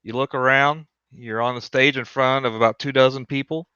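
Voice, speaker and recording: A man running a tabletop game over voice chat, easygoing and quick. His voice is bright, crisp and clear. The mic sounds dry and somewhat dull. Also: mid-range voice, steady tone, no room sound. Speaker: dungeon master.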